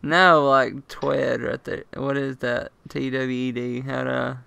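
Creaky bright-voiced young man reading haltingly. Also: mid-range voice, level tone, dry recording. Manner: laughs often, reads haltingly. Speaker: podcast co-host. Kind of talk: casual gaming chat, reading aloud.

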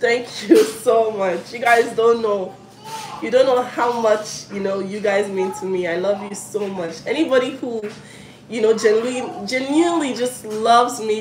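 A woman's voice: fairly high pitch, fairly even intonation, a little slow. A young woman from Africa, chatting effusively on a live cooking stream at home and calling out to her children. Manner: effusive and emotional, calls out sharply to her children. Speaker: vlogger livestreaming while cooking. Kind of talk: casual live-stream chat. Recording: echoey room with noisy background.

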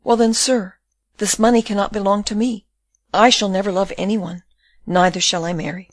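A woman's voice: medium pitch, fairly even intonation, normal speed, no room sound, clean studio sound, close to an everyday voice. A woman voicing a devoted young girl in grief, speaking in a pleading, distraught way.

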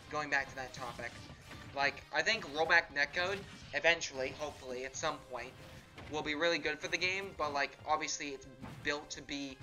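A man with a fairly high, very sharp and bright voice, talking through a live fighting-game stream in a loose, rambling way. He fills his commentary with fillers and restarts, and faint game music plays behind him. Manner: rambling, filler-heavy, laid-back. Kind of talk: casual live gameplay commentary.

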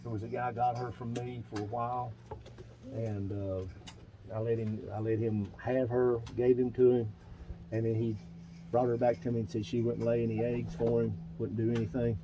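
A man's voice: mid-range voice, little pitch movement, moderate pace, mellow, slight background noise, poor audio. A man in his seventies with a Kentucky accent, a pigeon breeder rambling through a casual walkthrough of his loft, full of fillers and repeats. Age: 70s. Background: pigeons cooing.

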